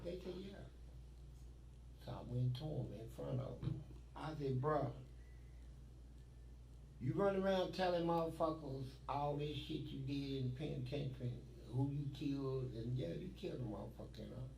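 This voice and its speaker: Gravelly dude talking blunt and profane, sounds far off in a roomy echo, bit of noise behind. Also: male voice, medium pitch, normal speed, darkish tone. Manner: blunt, profane, streetwise storytelling. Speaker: interviewee. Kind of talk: recorded interview storytelling.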